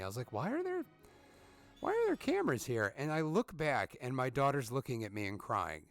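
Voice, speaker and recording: A man in his thirties hosting gameplay commentary, telling a parenting story in a profane, ranting way with exasperated reactions to the game. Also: mid-range voice. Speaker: gaming channel host.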